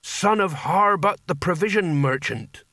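A man's voice: high-pitched, expressive, measured pace, pushed and bright, dry recording, clean studio sound, voice pushed up, exaggerated voice. A man reading aloud, voicing a gangly, naive young man who earnestly wants to be a barbarian hero, in a raised voice. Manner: eager, earnest and chatty.

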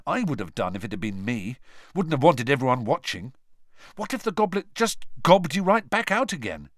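In a storybook reading, a man voices a bold, matter-of-fact teenage boy, pitching higher than his natural voice. The mid-range voice swings widely in pitch at normal speed, recorded clean in a studio with no echo.

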